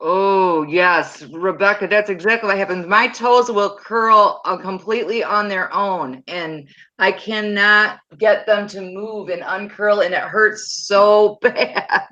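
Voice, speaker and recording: A woman on a live-stream panel, telling stories in an animated way and acting out the dialogue over a video call. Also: medium pitch, slow, dull audio. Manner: animated storytelling that acts out quoted dialogue. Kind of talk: casual chat on a live stream.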